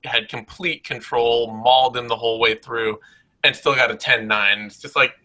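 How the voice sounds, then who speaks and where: A man's voice: mid-range voice, fairly even intonation, moderate pace, bright, forceful tone, rough recording. A man co-hosting a casual post-fight chat, blunt and emphatic, swearing freely as he breaks down the bouts. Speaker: co-host.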